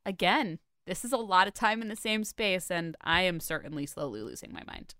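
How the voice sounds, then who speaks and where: Woman co-host, lowish smooth voice, rambling chatty delivery, dry sound. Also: animated, fairly quick, sharp tone, no echo. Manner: rambling, filler-heavy, self-deprecating. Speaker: podcast co-host. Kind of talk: casual chat.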